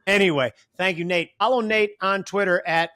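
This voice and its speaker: A man's voice: high-pitched, normal speed, sharp tone, dry recording, clean studio sound. Upbeat joking male podcast host. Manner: upbeat, joking, plain-spoken. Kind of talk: casual chat.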